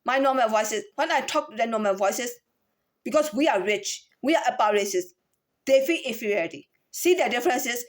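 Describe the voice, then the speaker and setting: A woman's voice: fairly high pitch, expressive, normal speed. A woman giving a lecturing monologue as a voice coach, repeating herself insistently and switching between voices to demonstrate them. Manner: demonstrates different speaking voices in a repetitive, insistent way.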